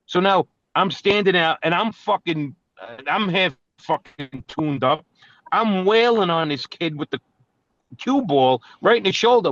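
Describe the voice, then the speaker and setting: Brash Brooklyn podcast co-host, profane storyteller, slightly high voice, dry close sound. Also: male voice, animated, normal speed, a bit bright, dry recording. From New York. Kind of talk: casual storytelling chat. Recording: dull, dry lo-fi recording.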